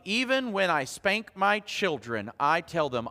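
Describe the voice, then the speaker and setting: Bright-voiced pastor preaching in a reverberant church. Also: male voice, high-pitched, sing-song, a little slow, few pauses. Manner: conversational, many restarts, quotes his own family talk. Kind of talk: sermon. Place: church sanctuary.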